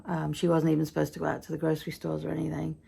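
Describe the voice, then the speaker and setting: A woman's voice: low voice, monotone, very fast, gravelly, dark tone, breathy edge. A tired British woman chatting casually through a day-in-the-life vlog at home, rambling and self-deprecating. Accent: British English. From Britain. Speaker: vlogger.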